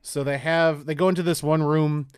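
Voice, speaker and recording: A man's voice: a little high, flat delivery, normal speed, smooth, dry recording, clean studio sound. A man co-hosting a podcast, recapping a movie in a rambling, profane way, with silly quoted voices. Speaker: podcast co-host. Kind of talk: casual chat.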